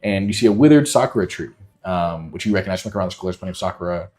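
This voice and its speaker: A man's voice: deep voice, expressive, racing, a little mellow. A man narrating a tabletop role-playing game as game master, hesitant and full of ums.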